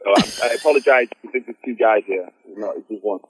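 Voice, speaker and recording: A man's voice: lowish voice, fast, poor audio. A man with a Yorkshire accent, a guest singer joking around in a casual interview over the phone. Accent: Yorkshire English. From Yorkshire, England. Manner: joking, playful, lively. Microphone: phone line.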